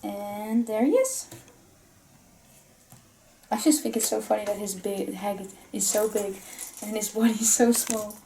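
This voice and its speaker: A woman's voice: medium pitch, a little slow, long pauses, warm tone, slight background noise. A woman hosting a vlog, chatting casually and giggling often while unboxing collectible toys. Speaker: vlog host.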